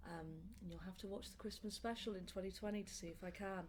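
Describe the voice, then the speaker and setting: Young northern english woman rattling off stories in an interview, animated and giggly, bit of room noise. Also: medium pitch, fast talker. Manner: chatty, laughing, animated storyteller. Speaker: comedian guest. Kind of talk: casual interview chat. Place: indoor room.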